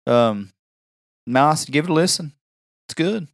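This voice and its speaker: A man's voice: fairly high pitch, lively intonation, a little slow, creaky, no echo, studio quality. A man with a country accent co-hosting a casual podcast chat, joking and laughing at himself. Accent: rural country accent. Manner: joking, self-mocking, laughs often. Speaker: podcast co-host.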